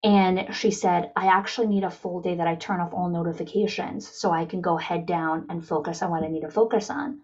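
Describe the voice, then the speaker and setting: A woman with a lowish voice leads an online town hall for school leaders, speaking briskly with hardly any pauses over dull audio. She coaches with energy and acts out the voices of people she quotes.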